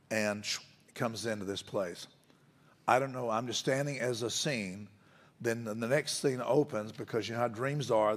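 Man, pastor, sermon, storytelling, mid-pitched voice, reverberant church hall. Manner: storytelling, conversational preaching with rising emphasis.

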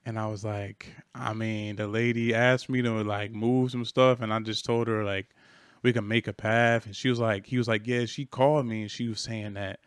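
A man's voice: medium pitch, fairly bright tone, clean tone, no echo, clean studio sound. A young man casually telling a long work story on a podcast, laid-back and slangy with plenty of swearing. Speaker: podcast co-host.

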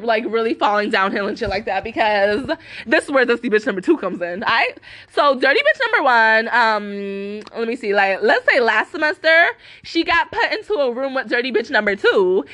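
High bright young woman ranting. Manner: cussing, heavy filler "like", quotes others in put-on voices. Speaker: podcast host. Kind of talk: casual rant.

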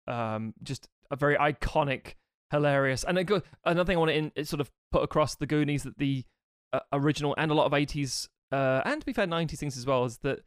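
A man co-hosting a casual podcast, pitching a film idea with jokey asides and quick impressions. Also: fairly bright tone, clean tone, no echo, clean studio sound. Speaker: podcast co-host pitching a sequel. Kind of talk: casual chat.

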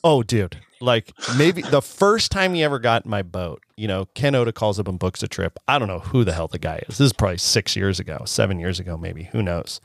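A man's voice: fairly low pitch, brisk, gravelly, few pauses, no echo, clean studio sound. Laid-back fishing guide man, swearing. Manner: animated storyteller, swears, laughs often. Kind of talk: casual chat.

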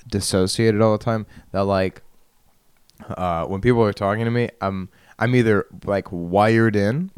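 Young male podcast host, deep and smooth voice, rambling and self-mocking, laughs a lot, dry close mic. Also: no echo. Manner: self-deprecating, laughs often, trails off and restarts. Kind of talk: rambling solo podcast monologue. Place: bedroom. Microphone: studio microphone at a computer.

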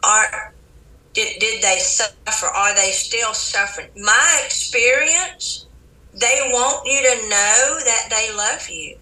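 A Southern American woman, a psychic medium as a podcast guest, talking in an earnest, gentle spiritual way with frequent restarts. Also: fairly high pitch, slow. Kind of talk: casual interview talk. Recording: echoey room, distant from the mic.

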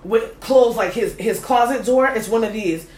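Animated woman telling a story in an echoey room. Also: a little high, moderate pace. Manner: animated, slangy, laughing storyteller. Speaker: host. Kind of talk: casual storytelling chat.

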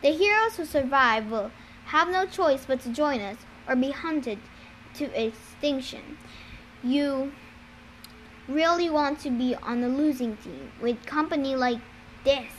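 A smooth-talking, scheming young villain from a storybook, calm and persuasive, as read by a woman in a high voice. There is little change from the reader's own tone, and a faint background hiss sits under it. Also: a little slow.

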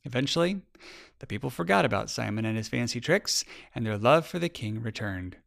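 Gravelly man reading a storybook. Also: mid-range voice, brisk. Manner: expressive, lively reading. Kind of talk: storybook read-aloud narration.

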